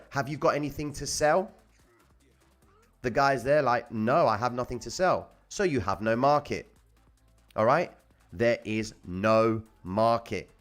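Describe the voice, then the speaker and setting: Blunt, swearing live-stream man. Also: medium pitch. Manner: blunt, swears freely, repeats points to the chat. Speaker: trading live-stream host. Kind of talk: casual live-stream teaching.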